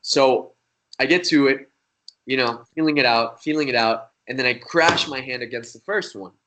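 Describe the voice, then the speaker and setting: A young man appearing as a magician guest tells a story casually and animatedly, rambling and swearing freely. He speaks at medium pitch and a normal speed over a noisy background.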